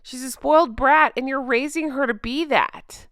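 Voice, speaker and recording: A woman's voice: high-pitched, normal speed, a bit bright, smooth, dry recording, clean studio sound. A woman hosting a TV recap, ranting in an exasperated, sarcastic way and often breaking off mid-sentence. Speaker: show recap host.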